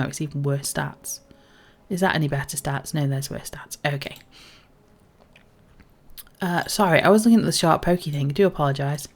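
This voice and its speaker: Giggly woman streaming a game. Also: low-pitched. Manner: giggly, self-mocking asides. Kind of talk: casual gameplay streaming.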